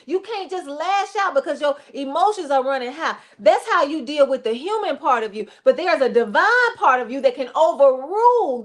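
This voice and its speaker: High-voiced woman preaching to her viewers. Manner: animated, addresses listeners directly, acts out quotes. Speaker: reverend and show host. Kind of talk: livestream faith talk, preachy and conversational.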